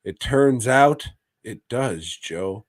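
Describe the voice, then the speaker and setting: A man's voice: mid-range voice, expressive, very slow, no echo. A man co-hosting a podcast, telling a rambling, profane story in a casual chat. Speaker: podcast co-host.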